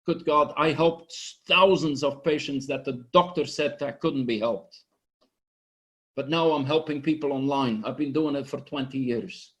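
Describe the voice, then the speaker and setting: A man giving an impassioned, blunt motivational pitch to an online group, swearing freely and sounding emotional. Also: unhurried, fairly bright tone. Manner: intense, blunt, swearing, preachy. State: emotional, sniffling. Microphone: online conference microphone.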